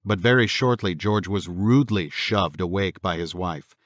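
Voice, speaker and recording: A man narrating a horror audiobook in a measured, steady storytelling manner. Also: sits low, no room sound.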